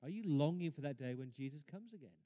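A man preaching a sermon in a church, emphatic, rising to loud exclamations and dropping to quiet asides. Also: a little high, expressive, fast talker, lo-fi sound. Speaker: pastor. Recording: long reverb of a church hall.

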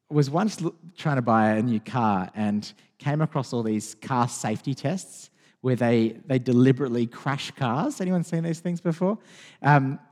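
A man preaching a sermon as a pastor, talking in a conversational, expressive way with frequent restarts. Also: medium pitch, in a large hall. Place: church hall.

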